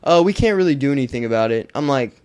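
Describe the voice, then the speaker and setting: A man hosting a podcast, telling a story in casual, animated chat and swearing freely. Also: mid-range voice, fast talker, clear, resonant tone. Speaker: podcast host.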